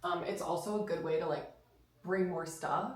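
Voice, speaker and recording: A woman's voice: fairly low pitch, steady tone, normal speed, slight background noise. A young woman vlogging casually to her phone, chatty and full of "like.". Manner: chatty, peppered with "like". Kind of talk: casual travel vlog chat.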